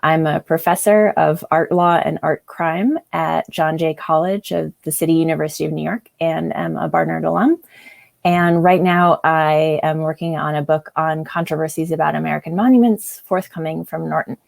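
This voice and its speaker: A woman professor with a very low, gravelly voice introduces herself over a video call. She talks quickly and crisply. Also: fairly even intonation. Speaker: professor and panelist. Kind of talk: brisk self-introduction.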